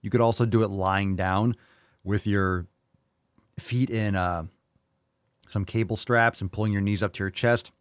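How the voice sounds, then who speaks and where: A man's voice: lowish voice, steady tone, a little slow, long pauses, clean tone, no echo. A man hosting a fitness podcast, joking and swearing between casual training advice. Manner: brash, joking, profane, enthusiastic. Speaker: podcast host and fitness coach.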